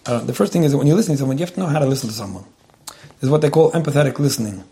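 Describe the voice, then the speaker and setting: A man's voice: mid-range voice, rapid-fire, warm tone. A man giving earnest, conversational marriage advice to a couple.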